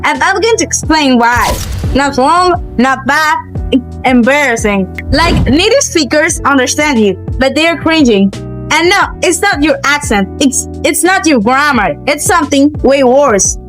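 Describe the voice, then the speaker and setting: Young Dominican Spanish teacher with a Dominican Spanish accent, high voice, blunt short lines, light music bed. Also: female voice, lively intonation, unhurried, a bit bright, low-quality recording. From Dominican Republic. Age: young adult. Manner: blunt, punchy short sentences. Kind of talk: scripted video lesson. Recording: faint music behind the voice.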